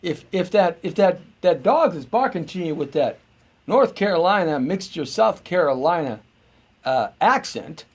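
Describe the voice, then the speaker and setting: A man's voice: fairly high pitch, animated, unhurried, breathy edge. A middle-aged man hosting a live show, rambling and joking as he muses aloud to viewers. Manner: rambling and jokey, musing aloud.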